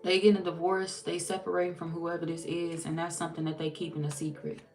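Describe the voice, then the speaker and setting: A woman's voice: on the low side, fast talker, faint music behind. A woman doing a casual tarot reading, blunt and sassy, swearing freely and talking straight to the viewer. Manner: blunt, sassy and heavily profane; animated, talks straight to the viewer. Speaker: tarot reader.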